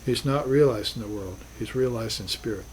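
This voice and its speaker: A man lectures a class on spiritual philosophy, speaking earnestly and reflectively with emphatic bursts. His medium-pitched voice is a little fast and a little mellow, captured in a low-quality recording with slight background noise.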